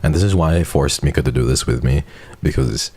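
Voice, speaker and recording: A man's voice: rumbling low, fairly quick, a little mellow, slightly rough, no echo. A man hosting a live stream, chatting casually with a guest, joking and swearing often. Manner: joking, profane, laughs often. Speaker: streamer host.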